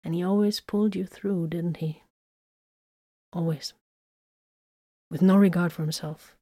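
Woman reading as clipped, grudging male field medic; low voice, quiet, withholding. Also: steady tone, a little slow, dry recording, clean studio sound. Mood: guarded. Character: terse, reluctant male battle medic.

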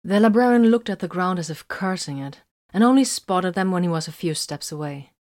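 Woman narrator, low voice, steady audiobook reading. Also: a little fast.

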